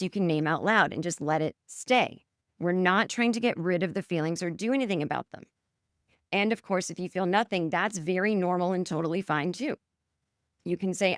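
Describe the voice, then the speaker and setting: A woman hosts a podcast in a chatty, earnest way, walking listeners through a self-check exercise. Her voice is smooth and clear. It is recorded close on a dry mic with no room sound. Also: medium pitch, lively intonation, normal speed, no echo. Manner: chatty, earnest, talks herself through exercises in third person. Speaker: podcast host. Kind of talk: guided self-help talk.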